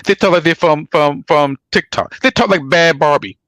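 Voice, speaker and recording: A man co-hosting a podcast, talking in a rambling, profane, animated way with many restarts. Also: fairly high pitch, normal speed, dry recording. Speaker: podcast co-host. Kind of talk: casual chat about pro wrestling.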